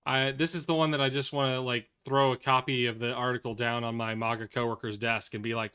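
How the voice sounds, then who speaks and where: A man's voice: mid-range voice, level tone, a little fast, hardly any pauses, sharp tone, smooth. A man with children, streaming live and reacting to political news, swearing freely and swinging from angry rants to tired mutters. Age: adult, has children. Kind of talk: casual live commentary.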